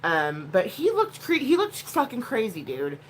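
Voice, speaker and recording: At home, a mother who vlogs tells a rambling story bluntly and casually, swearing plenty. Her voice sits on the high side with huge pitch swings and a measured pace, and there's slight background noise.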